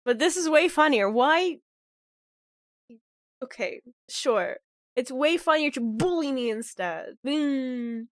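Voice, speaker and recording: Woman streamer, nasal sick voice, fairly high, dry close sound, rambling chat full of fillers. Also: slow, long pauses, no echo. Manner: rambling, animated, heavy on "like" fillers. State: sick, nasal with a clogged nose. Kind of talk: casual live-stream chat.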